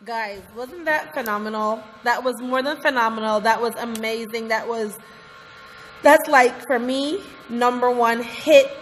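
A woman's voice: a little high, steady tone, a little slow, background noise. A woman vlogger gushing in music reaction commentary, effusive and repeatedly calling out to her viewers. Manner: gushing, effusive, keeps addressing viewers as guys. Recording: reverberant room with faint music. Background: faint music from the reacted video.

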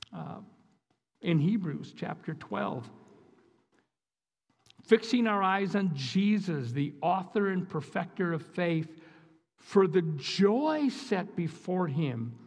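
A man with an Upper Midwest American accent preaches a sermon as a guest speaker in a church sanctuary, earnest and emphatic, often repeating his phrases. His voice is high-pitched and creaky with a darkish tone. A long church hall reverb fills the recording.

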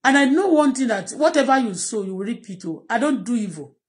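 A woman's voice: on the high side, animated, fairly quick. A middle-aged woman with a Nigerian accent, talking in an impassioned, repetitive, pleading way in a personal vlog. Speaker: vlogger.

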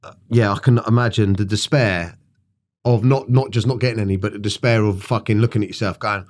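A man's voice: lowish voice, fairly even intonation, a little fast. A man, hosting a podcast and asking blunt, sweary questions in casual chat. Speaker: podcast host. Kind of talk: casual interview.

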